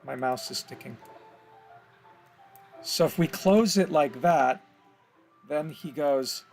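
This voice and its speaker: A man's voice: a little high, takes it slowly, a little mellow, faint music behind. A man explaining his steps in an easygoing, think-aloud tutorial, correcting himself as he goes. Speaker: animation tutor. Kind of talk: casual screen-recorded tutorial.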